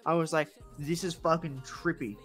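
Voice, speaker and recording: Swearing young Australian man, high-ish voice. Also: normal speed, soft background music. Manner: animated, profane storytelling. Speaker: guest. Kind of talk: casual chat.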